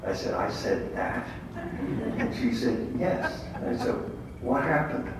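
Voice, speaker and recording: A man's voice: a little high, huge pitch swings, a little slow, pauses often. An older man giving a faith talk to a group, telling stories with quoted dialogue in an emphatic way. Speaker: lay speaker at a prayer meeting. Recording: echoey hall, distant mic, faint background noise.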